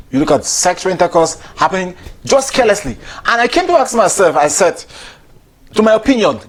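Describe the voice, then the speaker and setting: A man delivering a chatty, preachy comic monologue, repeating himself and laughing between lines. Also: a little high. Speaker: comedian.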